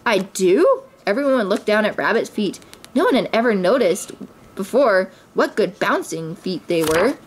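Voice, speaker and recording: A mother reading a children's storybook aloud with clear, expressive narration. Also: medium pitch, normal speed, a little hiss or hum.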